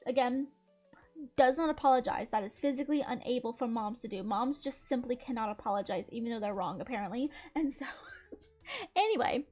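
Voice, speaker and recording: A young woman hosting a gaming channel, telling a story in casual chat with an exasperated, animated manner and frequent laughs. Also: a little high, a little fast, faint music behind.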